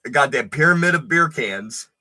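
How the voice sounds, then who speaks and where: A man's voice: medium pitch, animated, moderate pace, pushed and bright. A man telling a wild personal story in a casual, profane, emphatic way.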